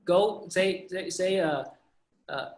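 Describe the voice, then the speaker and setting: A man's voice: sits high, slow, reverberant. A man teaching pronunciation over a video call, patiently demonstrating sounds again and again. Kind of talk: online pronunciation class.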